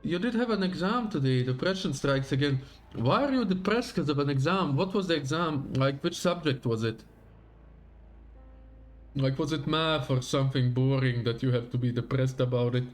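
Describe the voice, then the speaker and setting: A man's voice: mid-range voice, normal speed. A male streamer chatting casually and teasingly with his live chat between story reading.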